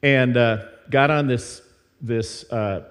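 A middle-aged man from Nashville tells a story from the front of a church, talking casually and poking fun at himself, with plenty of fillers. His voice sits at an ordinary middle pitch and carries a long reverb from the church hall. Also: takes it slowly. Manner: chatty and self-deprecating, many fillers and asides. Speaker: speaker teaching at a church service. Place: church sanctuary.

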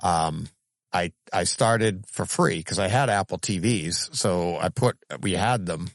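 A man hosting a podcast in casual chat, an animated storyteller who gets lively in his anecdotes. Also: low voice, unhurried, no room sound. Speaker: podcast host.

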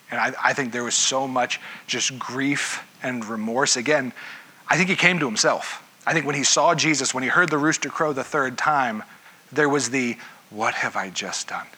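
A male pastor delivers an interactive sermon, talking casually and throwing questions out to his listeners. His voice is very bright and sharp-edged, with a noticeably husky grain. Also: medium pitch, moderate pace. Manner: conversational, asks the listeners questions.

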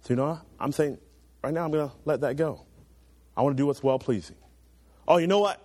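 A young man preaching a sermon to teenagers, earnest and urging, rising loud then dropping to quiet low asides. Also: a little fast, no room sound.

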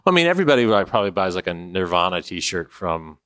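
A man's voice: low-pitched, big pitch swings, quick pace, a bit bright, clear, resonant tone, no echo, clean studio sound. A man hosting a podcast in a casual chat, rambling and joking as he talks. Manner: rambling and joking, laughs often. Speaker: podcast host.

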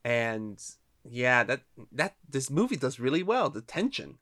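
A man's voice: mid-range voice, big pitch swings, measured pace, fairly bright tone. A man co-hosting a casual film podcast, giving emphatic opinions and incredulous reactions.

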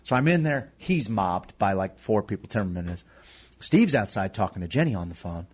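A man co-hosting a radio talk show, telling a comic story in a wry, self-deprecating way and slipping into quick impressions of the people in it. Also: lowish voice, sing-song, slightly rough. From Indiana. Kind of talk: casual comedic storytelling.

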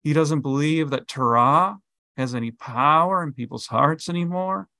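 A man's voice: fairly high pitch, moderate pace, bright, forceful tone, dry recording, clean studio sound. A man co-hosting a bible podcast, explaining scripture with vivid everyday analogies and lots of fillers. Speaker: podcast co-host. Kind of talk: bible study conversation.

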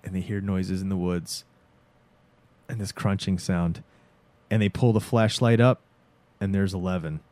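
A man in casual podcast chat, recapping a show with excitement, swearing freely and acting out the scenes. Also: low-pitched, unhurried, pauses often. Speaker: podcast co-host.

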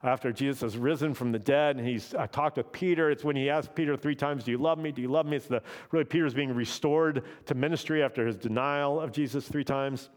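A man's voice: medium pitch, brisk, few pauses. A man preaching a sermon as pastor, in a conversational way that keeps checking in with "right?". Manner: conversational, often adds "right?".

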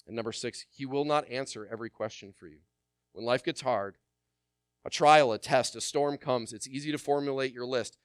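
Pastor guy preaching, gets loud on the repeats then goes real soft, smooth clear voice. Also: medium pitch, normal speed, no echo, studio quality. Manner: swings from loud emphatic repetition to quiet intimate asides. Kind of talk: sermon.

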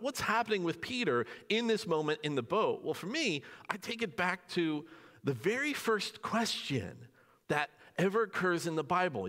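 A man's voice: fairly high pitch, fairly bright tone, long reverb tail. A man preaching a sermon as pastor in a church, conversational, asking the congregation questions and acting out dialogue. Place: church sanctuary.

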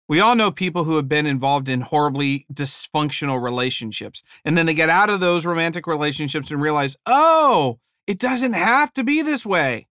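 A man delivering a sermon with animated, humorous storytelling. His voice sits a little high for a man. The recording is dry and close, with no room echo. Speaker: preacher and former high school teacher.

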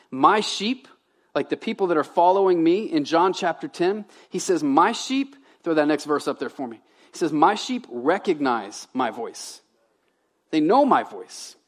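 A male pastor in his thirties, from Louisiana, delivers a sermon in a conversational style. His voice sits a little high for a man. He moves between loud, emphatic lines and quiet, softer asides. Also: lively intonation, normal speed.

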